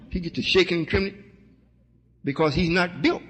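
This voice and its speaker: A man's voice: high voice, moderate pace, a bit bright, husky, big-room sound, dull audio. A man giving folksy sermon-style teaching as a religious teacher, acting out voices as he answers questions. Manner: folksy preaching, acts out voices.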